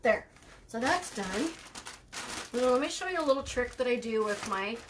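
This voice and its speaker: Over a noisy background, a woman from the United States chats through a live craft tutorial at normal speed, her fairly high voice lively in intonation. She thanks viewers by name while working and laughs easily, with a dry, sarcastic streak.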